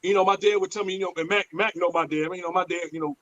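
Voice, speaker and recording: A man's voice: sits high, very fast, highs cut off, slight background noise. A man, telling stories bluntly and profanely in a casual podcast chat. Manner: blunt, profane, animated storyteller.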